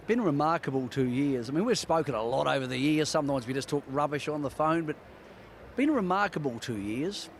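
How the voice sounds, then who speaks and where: A man's voice: fairly high pitch, lively intonation, fairly quick, a little hiss or hum. A man hosting a racing show, chatting with a trainer in a matey way and asking leading questions. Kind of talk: casual interview. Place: outdoors at a racecourse.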